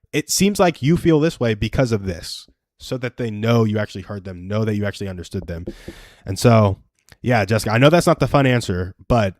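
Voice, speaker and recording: A man's voice: medium pitch, no echo, clean studio sound. A young adult man hosting a live stream, giving earnest, self-deprecating advice through personal stories in a casual chat.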